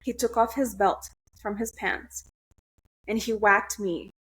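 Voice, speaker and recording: A woman's voice: medium pitch, fairly even intonation, slow, a bit bright. A young woman guest on a podcast, telling a personal story in a blunt, candid way, swearing freely and restarting her sentences.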